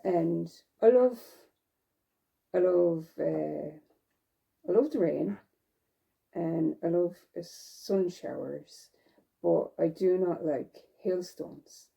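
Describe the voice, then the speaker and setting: A woman talks casually as she knits, drifting from one thought to another. Her voice is very dark and gravelly, with a husky edge. She sits slightly low in pitch. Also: slow, pauses often. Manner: rambling and chatty, with fillers and self-corrections. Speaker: knitting vlogger. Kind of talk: casual chat while knitting.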